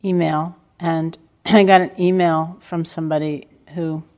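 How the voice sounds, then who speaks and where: Low-voiced woman giving a calm meditation talk. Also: measured pace. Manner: calm, reflective storytelling with gentle self-deprecating humor. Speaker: meditation teacher. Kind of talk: dharma talk. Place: retreat center hall.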